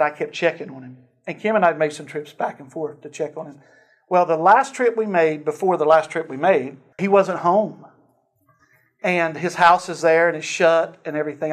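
A man preaching, telling a personal story in a sermon with lively acted-out dialogue and frequent chuckles. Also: fairly high pitch. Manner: animated storyteller, acts out dialogue, chuckles often.

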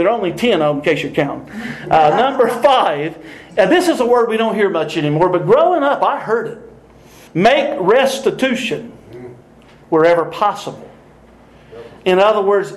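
An older man preaches with an animated, storytelling delivery, laughing often as he acts out the people in his stories. His voice sits high for a man. The sound carries a clear echo from the room. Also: moderate pace. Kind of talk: sermon with storytelling.

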